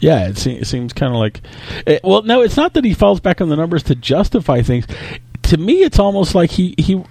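A man's voice: a little high, big pitch swings, a little fast, vocal fry, warm tone, breathy edge, no echo. A man co-hosting a casual tech podcast, thinking aloud in an analytical way. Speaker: podcast co-host.

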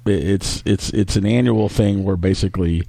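A man's voice: deep voice, fairly even intonation, moderate pace, vocal fry, mellow, breathy edge, no room sound. A man co-hosting a casual tech podcast, thinking aloud in an analytical way. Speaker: podcast co-host.

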